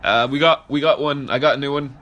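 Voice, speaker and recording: A man's voice: mid-range voice, steady tone, brisk, fairly bright tone, a little hiss or hum. A man hosting a casual podcast, rambling and joking, swearing freely. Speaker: podcast host.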